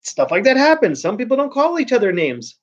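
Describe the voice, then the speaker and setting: A man's voice: very high-pitched, big pitch swings, a little fast, dull audio. A man hosting his own vlog in casual chat, rambling along with frequent restarts and sentences that trail off. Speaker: vlogger host.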